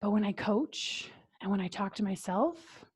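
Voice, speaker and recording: This is a woman coaching a business training with an intentionally unhurried, calm delivery. Her voice sits in the mid range, with breathy sighs and gentle whispered stretches.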